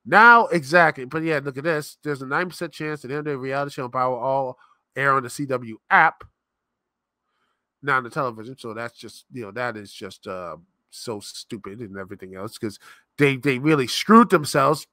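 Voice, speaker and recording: A man's voice: medium pitch, normal speed, pushed and bright, no echo, clean studio sound. A man hosting a live-stream show, ranting in an exasperated, rambling, sarcastic way. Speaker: podcast host. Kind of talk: live-stream commentary rant.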